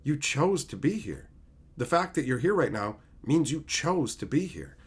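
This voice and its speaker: A man voicing a calm, rule-bound male office manager who speaks in a flat, matter-of-fact way. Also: medium pitch, moderate pace, slightly rough.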